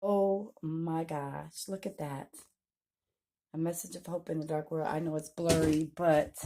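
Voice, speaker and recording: A woman, a YouTuber and self-published author, chatting through an excited unboxing vlog on her phone camera and gushing often. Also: sits low, unhurried, a little hiss or hum. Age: adult with a daughter. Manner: gushing and excitable, repeats "oh my gosh". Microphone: phone camera held by hand.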